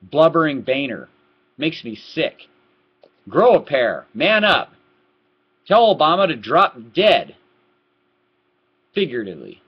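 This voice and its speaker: A man records a heated, preachy rant into his laptop webcam, and the sound is dull and lo-fi. His voice sits a little high for a man. He stumbles over repeated words, drops to a low mutter, then flares into loud outbursts. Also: very animated, slow pace, long pauses, breathy edge. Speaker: political vlogger. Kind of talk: ranting webcam commentary. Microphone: laptop webcam mic.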